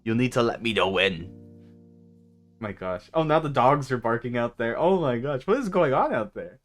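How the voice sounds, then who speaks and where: A man's voice: medium pitch, big pitch swings, moderate pace, soft background music. A man streaming from a parked car, chatting casually with viewers, giggling often and rambling. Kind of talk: casual live-stream chat.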